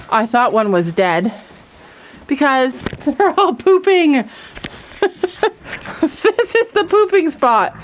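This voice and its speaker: A woman's voice: high voice, slight background noise. A woman in her thirties chatting and giggling to viewers while doing chores outdoors in a snowy farm pen, recorded on a handheld camera. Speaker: farm vlogger. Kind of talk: casual vlog chat.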